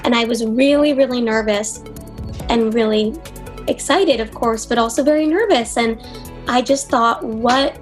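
A woman's voice: a little high, a little slow, soft background music, low-quality recording. A woman in her twenties from Los Angeles, an actress telling an interviewer an earnest, effusive story and often restarting her sentences. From Los Angeles, USA. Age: 20s.

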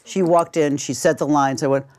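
A woman's voice: low voice, fairly even intonation, moderate pace, darkish tone. An older woman, a casting director, chatting through anecdotes in an interview and acting out bits of dialogue. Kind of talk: interview storytelling.

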